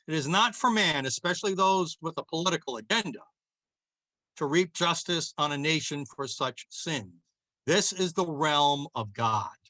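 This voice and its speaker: A man delivers a scripted political commentary as a show host, his voice bright, forceful and pitched a little high. He declaims with emphasis and draws out key phrases with slow, dramatic pauses. The sound is dry and close, with no room around it. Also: expressive, no echo, rough recording.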